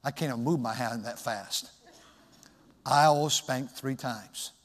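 A man preaching a sermon as a pastor, loud and emphatic, in a plain conversational way. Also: medium pitch, measured pace, big-room sound.

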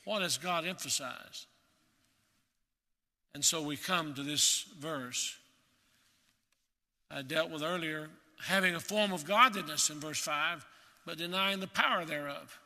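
Bright-voiced man preaching in a reverberant hall. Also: fairly high pitch. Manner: earnest, emphatic, slows to stress key words. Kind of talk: sermon.

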